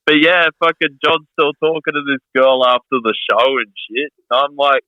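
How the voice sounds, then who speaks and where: A man's voice: mid-range voice, normal speed, sharp tone, no room sound, lo-fi sound. A man, a wrestler guest telling stories in casual podcast chat, swearing often and laughing. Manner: swears a lot, laughing storyteller.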